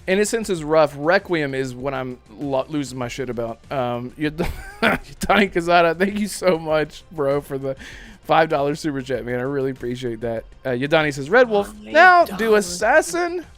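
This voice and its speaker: A man hosting a casual gaming podcast livestream, excitedly reading out super chats with exaggerated praise. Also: on the high side, normal speed, soft background music. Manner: excitable, exaggerated super chat thank-yous. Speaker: podcast host.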